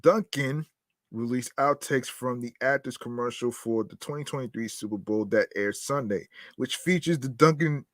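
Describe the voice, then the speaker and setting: A man's voice: medium pitch, moderate pace, fairly bright tone, no echo, clean studio sound. A man hosting a podcast, reading news stories aloud with casual commentary, swearing freely, laughing at his own asides and stumbling over words as he reads. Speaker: podcast host.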